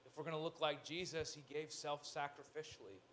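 A male pastor delivers a lively sermon in a fairly high voice, tossing in jokes and swinging between loud emphasis and hushed asides. A faint room ambience hangs behind him. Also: a little fast, slight background noise.

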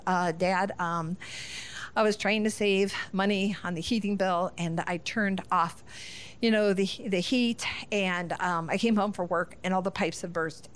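A woman's voice: fairly low pitch, a little hiss or hum. Middle-aged woman from northern ohio, guest speaker, telling a family story, laughs a lot and acts out what people said. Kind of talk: storytelling talk.

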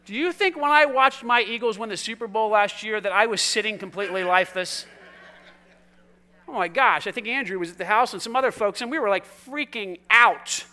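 A male pastor with a strikingly high voice delivers his sermon. His tone is bright and forceful, and he talks easily with his congregation. He moves from quiet, chatty asides to loud, excited calls. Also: brisk. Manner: conversational and energetic, swinging from quiet to loud and exuberant. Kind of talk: sermon with congregation call-and-response.

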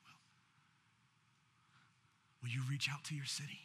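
A man's voice: medium pitch, level tone, measured pace, a bit bright, husky. A man preaching a sermon as pastor, building in intensity, with call-and-response. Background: faint keyboard music.

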